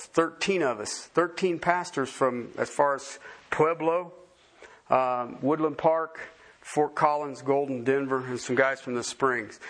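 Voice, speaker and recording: A man preaching a sermon as pastor, emphatic and repeating phrases for stress, swinging from soft asides to loud, high emphasis.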